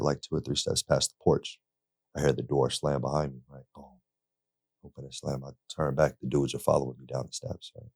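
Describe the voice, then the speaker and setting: Young guy with a super deep gravelly voice, laid-back storytelling, dry close sound. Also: dry recording. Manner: laid-back and conversational, full of "like" and "right?". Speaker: guest telling his story. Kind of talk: casual storytelling. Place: interview studio.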